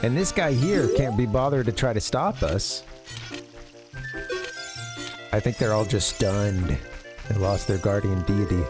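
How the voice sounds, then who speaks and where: A man's voice: lowish voice, normal speed. An American man giving casual, rambling commentary as a game streamer, full of fillers and asides. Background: game music.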